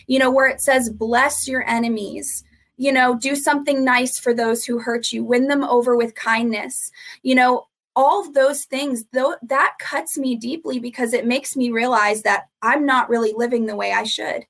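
A woman's voice: on the high side, steady tone, moderate pace, vocal fry, a bit bright. A woman, a ministry founder guesting on a podcast, teaching earnestly and steadily, driving points home through repetition.

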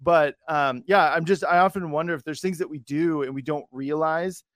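Man, podcast host, rambling storyteller, slightly high pitch, dry close sound. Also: moderate pace, fairly bright tone, no echo. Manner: rambling, full of restarts and fillers. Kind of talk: casual conversation, telling a personal story.

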